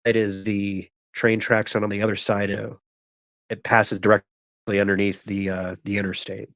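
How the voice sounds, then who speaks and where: A man's voice: fairly low pitch, little pitch movement, normal speed, a bit bright, dry recording. Profane rambling male storyteller, dull sound. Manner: rambling, profane, laughs at his own stories. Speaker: host. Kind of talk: casual storytelling.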